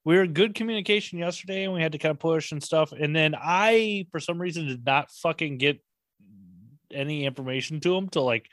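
A man's voice: on the high side, fairly bright tone, no echo, studio quality. A young man hosting a podcast, talking in a casual, rambling and enthusiastic way, swearing often. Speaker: podcast host. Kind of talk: casual chat.

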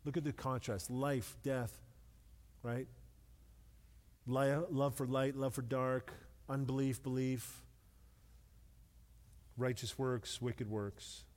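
A man's voice: medium pitch, little pitch movement, takes it slowly, pauses often, darkish tone. Middle-aged guy preaching, chatty and joking, repeats himself when he gets going, voice ringing around a big hall. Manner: conversational, self-deprecating humor, repeats words when emphatic. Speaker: pastor. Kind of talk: sermon. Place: church sanctuary with long reverb. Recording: long hall reverb.

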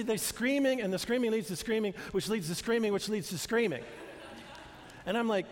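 Older male pastor, earnest and chatty in the pulpit, higher-pitched, recorded with a long reverb in a church hall. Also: lively intonation, fairly quick. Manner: conversational, earnest, with restarts and asides. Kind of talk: sermon.

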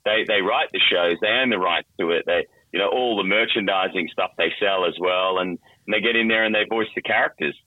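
Man, lowish voice, animated chat, dry dull-sounding home mic. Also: a little fast, hardly any pauses, no room sound. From Australia. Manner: animated, acts out voices, many restarts. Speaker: voice actor and guest. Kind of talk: casual interview talk.

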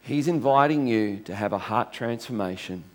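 A man's voice: medium pitch, moderate pace. Man preaching in a conversational style. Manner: conversational storytelling preaching with restarts. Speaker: pastor. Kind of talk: sermon.

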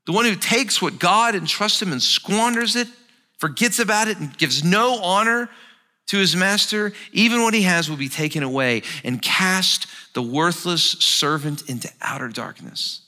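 A male pastor preaching a sermon, expressive and dramatizing the scripture as he explains it. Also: high voice, moderate pace.

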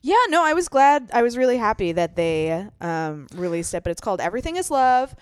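Brief: lively young female host, swings her pitch wide, dry close mic, cheerfully profane. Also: brisk, clean tone, no echo. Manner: animated, swears freely, laughs often. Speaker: podcast host. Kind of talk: casual comedic chat. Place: home recording studio.

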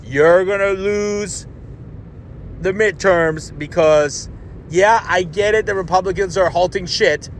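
Man, high-pitched voice, podcast host, blunt and profane, ranting, faint background noise. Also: measured pace.

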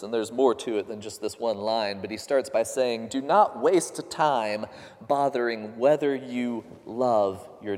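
A man's voice: on the low side, mellow, big-room sound. A man preaching a sermon, earnest and questioning, lifting his voice when he quotes others. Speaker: pastor.

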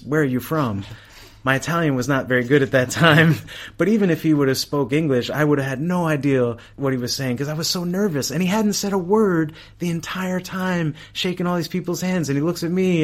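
A middle-aged man, a priest, telling a personal story in a casual interview, animated and laughing often. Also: medium pitch. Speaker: priest and campus chaplain, guest.

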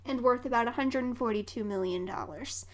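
A woman's voice: a little high, brisk. A woman co-hosting a podcast in casual chat, telling a story with frequent giggles. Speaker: podcast co-host.

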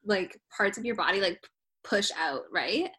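A woman's voice: medium pitch, expressive, moderate pace, bright, forceful tone, breathy edge. A woman co-hosting a podcast, chatting casually about a reality show and acting out what the cast said, with lots of "like" fillers. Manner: chatty, acts out quotes, many "like" fillers. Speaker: podcast co-host.

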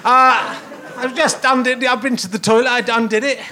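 A man's voice: extremely high pitch, steady tone, normal speed, pushed and bright. A man in his fifties hosting a comic podcast live on a theatre stage, rambling and mocking himself with jokey asides. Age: 50s. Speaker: podcast host.

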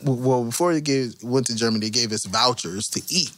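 A man guest on a casual podcast, telling stories from touring with lively, laughing delivery. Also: mid-range voice, fairly quick, no room sound. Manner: animated, laughs through his stories. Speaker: guest musician.

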